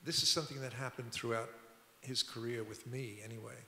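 Gravelly older man telling stories in a hall. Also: medium pitch, fairly even intonation, a little fast, bright, forceful tone. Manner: rambling, conversational, frequent restarts. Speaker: record producer and musician, guest. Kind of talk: anecdotal storytelling at a public talk. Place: museum auditorium. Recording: echoey hall.

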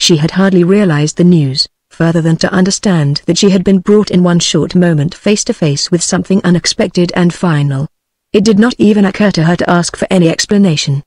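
A text-to-speech voice of a British woman reading a novel aloud in an even, measured way. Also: fairly low pitch, dry recording, clean studio sound. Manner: even, measured synthetic delivery. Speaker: audiobook narrator. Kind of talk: synthetic audiobook narration.

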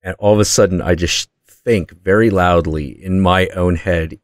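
Very deep-voiced man telling a wild story. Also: normal speed, no echo, clean studio sound. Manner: intense, profane, excitable retelling. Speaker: host. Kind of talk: casual storytelling monologue.

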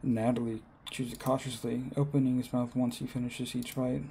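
Gravelly man reading a game aloud. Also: medium pitch, little pitch movement, moderate pace, warm tone, slight background noise. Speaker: gamer. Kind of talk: reading a game's story aloud.

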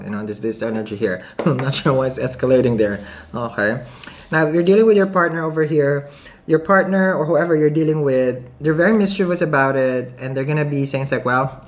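A woman's voice: extremely low pitch, slight background noise. A woman with a non-native accent giving a casual tarot reading to camera, chatty and giggly, thinking aloud with many restarts. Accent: non-native English accent. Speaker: tarot reader.

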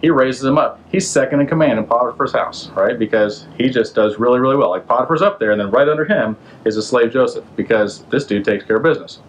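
A man's voice: mid-range voice, fast, hardly any pauses, a little hiss or hum, rough recording. A man hosting a podcast, retelling an old story in a casual, slangy way and throwing in rhetorical questions. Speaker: podcast host.

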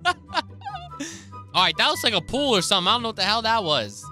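A young man doing gaming commentary as a YouTuber, excitable and slangy, laughing often. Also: high voice, moderate pace, long pauses, faint music behind.

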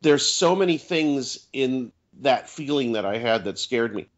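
Guesting on a podcast, this author and radio host muses aloud, wandering and second-guessing himself as the casual conversation unfolds. He has a medium-pitched male voice with lively intonation and a measured pace, and the lo-fi audio sounds dull.

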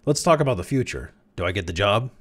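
A man voicing a young clerk who has turned firm and steady, speaking in clipped, hard lines. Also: on the low side, fast talker.

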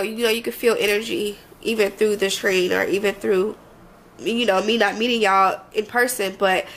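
A woman's voice: mid-range voice, vocal fry, a bit bright, a little hiss or hum, rough recording. A young woman vlogger, talking casually and heartfelt to her viewers, a bit congested and emotional, rambling and often asking if she makes sense. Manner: rambling, heartfelt, frequent "you know what I mean". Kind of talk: casual talk to camera.

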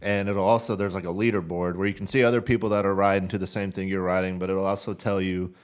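A man chatting casually and telling stories in an animated way. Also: deep voice, fast talker, smooth. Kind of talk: casual chat.

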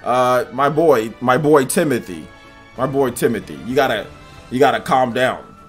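A man streaming gameplay live, talking to his chat in an animated, repetitive way. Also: medium pitch, moderate pace, soft background music. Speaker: gaming livestreamer.

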